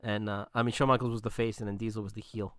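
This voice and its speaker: A man's voice: on the low side, little pitch movement, quick pace, a bit bright, no room sound. A man co-hosting a casual podcast, chatty and jokey, laughing at his own jokes. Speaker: podcast co-host. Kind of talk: casual chat.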